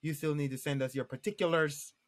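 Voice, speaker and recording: A man's voice: fairly high pitch, steady tone, a little fast. A man in his late thirties co-hosting a podcast, chatting casually with lots of ums and restarts. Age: 30s. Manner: rambling, many ums and restarts. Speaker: podcast co-host. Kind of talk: casual chat.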